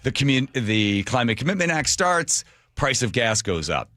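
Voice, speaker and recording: A man's voice: medium pitch, very animated, moderate pace, fairly bright tone, no echo. A man hosting a talk radio show, ranting in an opinionated and sarcastic way, sometimes putting on mocking voices for imagined people.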